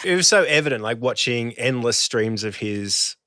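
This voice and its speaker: Brief: male podcast host, mid-pitch, dry close mic, playful. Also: expressive, moderate pace, sharp tone, no echo. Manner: jokey, segment-introducing. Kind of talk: casual chat.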